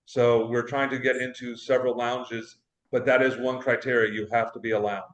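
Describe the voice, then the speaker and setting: A man's voice: medium pitch, little pitch movement, moderate pace, reverberant, lo-fi sound. A man, a cigar shop owner, calling in by video, telling a rambling story and repeating himself. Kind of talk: casual chat. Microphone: video call.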